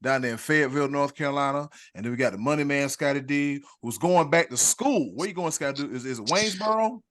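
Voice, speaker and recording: A man hosting a casual sports podcast, rambling warmly and hyping up his co-hosts with big introductions. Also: medium pitch, fast. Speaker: podcast host.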